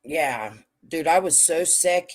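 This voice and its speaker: A woman with a low voice hosts a casual livestream, speaking slowly with lively intonation. She talks bluntly and straight to her chat, cussing freely as she goes.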